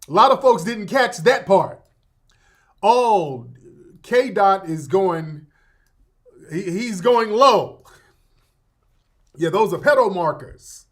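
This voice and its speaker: A man's voice: high-pitched, fairly bright tone. A middle-aged man hosting an online radio show, talking loosely and directly to his viewers in casual commentary.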